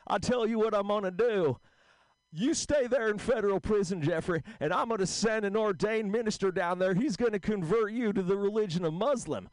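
A man doing a stand-up impression of a folksy, cheerful old man talking on the phone, in a creaky old-timer drawl. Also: high-pitched, brisk, dry recording, pitched above the performer's own voice, natural voice, poor audio. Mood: breezy.

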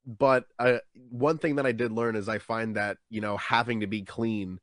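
A man's voice: normal speed, no echo, clean studio sound. A young man, a stand-up comedian, chatting casually in an interview and acting out what people say to him. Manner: animated, acts out quotes with jumps in pitch.

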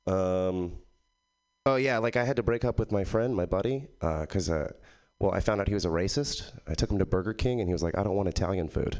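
A man from Texas doing a stand-up set at an open mic, with a loose, halting delivery full of ums. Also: low voice, darkish tone. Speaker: stand-up comedian.

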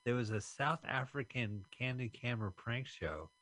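A man co-hosting a radio show, chatting casually and rambling with restarted sentences and deadpan asides. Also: medium pitch, moderate pace, no echo. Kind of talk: casual chat.

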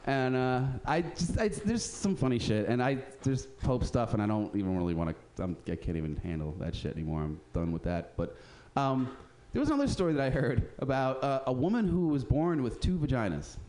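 A man's voice: mid-range voice, big pitch swings, brisk, a little mellow. A man hosting a radio show, telling street stories in a casual, profane way and acting out the people he quotes. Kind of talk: casual storytelling chat.

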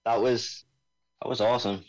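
Scottish man, low voice, sweary and self-mocking. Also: level tone, normal speed, slight background noise, poor audio. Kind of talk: casual chat on a video call.

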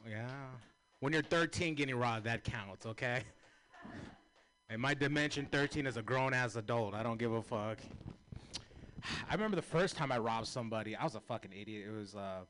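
A young man doing a stand-up comedy set, profane and rambling, laughing at his own jokes and saying he is high. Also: fairly quick, fairly bright tone. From Native American heritage. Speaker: stand-up comic.

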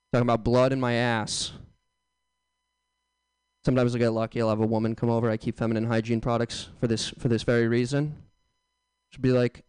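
A young man doing a stand-up comedy set on a club stage, bantering loudly with the crowd and breaking into sudden yelps. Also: mid-range voice, smooth, no room sound. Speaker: stand-up comic.

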